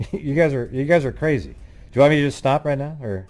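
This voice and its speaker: A man's voice: mid-range voice, lively intonation, a little fast, a little mellow, soft background music. A man hosting a livestream in rambling casual chat, irritably scolding his chat and losing his train of thought. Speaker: livestream host.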